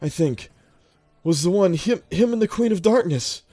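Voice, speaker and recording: A man's voice: high-pitched, animated, moderate pace, warm tone, dry recording, faint music behind, voice pushed up. A man voicing a small, newly revived fairy girl who stammers in confusion during a tabletop game. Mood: bewildered. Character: fairy girl just brought back to life, tiny and bewildered. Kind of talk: tabletop game role-play.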